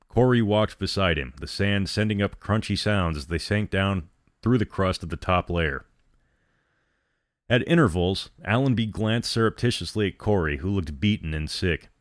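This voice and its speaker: Man narrating a story, measured, grave, deep voice, dry close sound. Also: dry recording. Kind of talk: dramatic story reading.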